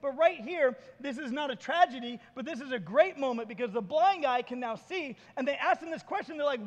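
A man with a very high voice preaches in a church, telling stories animatedly and slipping into the voices of the people in them. His words ring out with the long reverb of a large hall. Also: fairly quick, hardly any pauses. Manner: animated storytelling, acting out voices. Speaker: pastor. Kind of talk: sermon. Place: church sanctuary.

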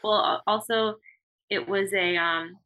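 A woman's voice: mid-range voice, fairly even intonation, unhurried, noisy background. A woman talking casually on a video call about her work as a restaurant server, chatty and upbeat. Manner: chatty, upbeat, acts out customer voices. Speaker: podcast guest, restaurant server.

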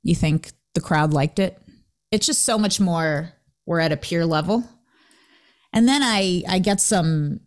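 Lively woman chatting casually. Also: lowish voice. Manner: lively, laughs often, acts out quoted remarks. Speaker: host. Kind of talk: casual motivational chat.

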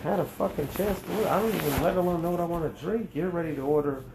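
A man's voice: fairly high pitch, quick pace, gravelly, echoey room, noisy background, voice pushed up. A man mimicking his exasperated wife. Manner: flustered complaining. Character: exasperated wife, adult woman.

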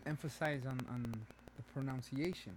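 A man's voice: medium pitch, steady tone, normal speed, slight background noise, low-quality recording. A man co-hosting a podcast in casual chat, teasing and joking with his partner. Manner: teasing, joking, cuts in with jokes. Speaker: podcast co-host.

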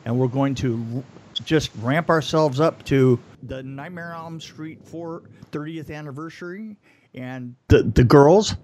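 Jokey man with a higher voice, animated storyteller on a casual podcast. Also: measured pace, slight background noise. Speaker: podcast co-host, film effects veteran.

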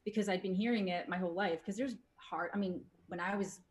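A woman's voice: medium pitch, fairly quick. Chatty Scottish woman. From Scotland. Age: middle-aged. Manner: chatty, swears casually, lively with frequent fillers. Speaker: voice actor, interview guest. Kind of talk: casual interview chat.

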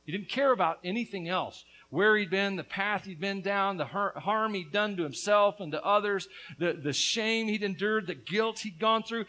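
A man preaching a sermon as a pastor, earnest with casual asides, his voice swinging between hushed and loud. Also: high voice, normal speed, poor audio.

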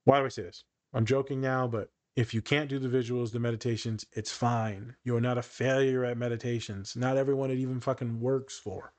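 Animated joking man in casual chat. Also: mid-range voice, moderate pace, hardly any pauses. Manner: animated, joking, swears freely, does voices when telling stories. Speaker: podcast co-host, therapist and meditation teacher.

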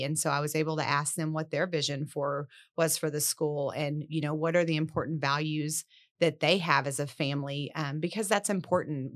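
A woman's voice: sits low, fairly bright tone. A woman, an elementary school principal, explaining plans steadily in a casual interview.

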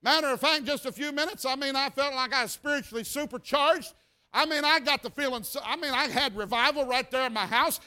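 A high, bright male voice. He is a revival preacher spinning a folksy story from the pulpit, animated and acting out sounds as he goes. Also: brisk. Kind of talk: sermon storytelling.

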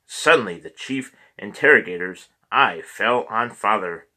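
A man narrating a memoir audiobook in a measured way, with occasional stumbles and restarts. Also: lowish voice, animated, sharp tone.

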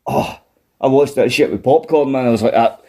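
A man's voice: mid-range voice, brisk. A man chatting casually on a wrestling podcast, swearing a lot and laughing often. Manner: profane, animated, laughs often. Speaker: podcast co-host.

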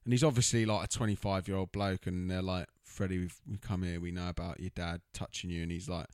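A man with a lowish voice chats through a film's plot on a podcast. He animatedly acts out the characters' lines and swears a lot. The sound is dry and close. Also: fast, clear, resonant tone, no echo. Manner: animated, swearing, acting out quotes. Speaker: podcast co-host. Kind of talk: casual chat recapping a film.

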